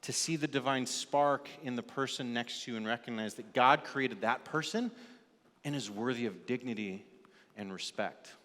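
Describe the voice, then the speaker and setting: A man's voice: medium pitch, moderate pace, a bit bright, in a large hall. A man preaching a sermon as lead pastor in a church sanctuary, telling stories and acting out the people in them. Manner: storytelling, acting out characters in an illustration.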